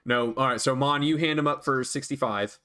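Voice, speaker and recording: A man's voice: mid-range voice, a little fast, smooth. Guy dm-ing a tabletop game, laid back, lots of ums, laughs a lot. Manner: relaxed, many fillers, laughs often. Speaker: dungeon master.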